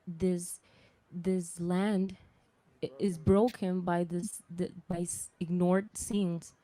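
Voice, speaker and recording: A woman speaks slowly and haltingly, stopping often to restart her sentences as she gives personal testimony. Her voice sits low and dark, with a flat, even delivery. The sound is dry and close. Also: no echo. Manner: hesitant, searching for words with many restarts. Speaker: guest speaker.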